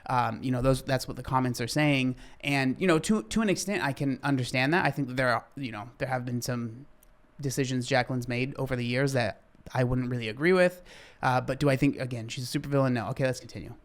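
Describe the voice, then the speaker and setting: Man, mid-pitch, earnest reaction-video host who gets heated about fitness, then reins it in. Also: quick pace. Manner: earnest, gets worked up and apologetic. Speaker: fitness commentator reacting to a clip. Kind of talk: casual reaction commentary.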